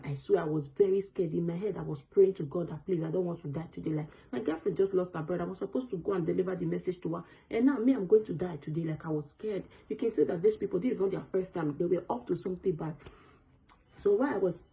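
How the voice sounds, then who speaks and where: A woman telling a personal story to camera in a storytime vlog, fast and breathless, acting out the voices of the people she quotes. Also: lowish voice, gravelly, dark tone, poor audio. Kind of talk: storytime vlog, recounting an experience.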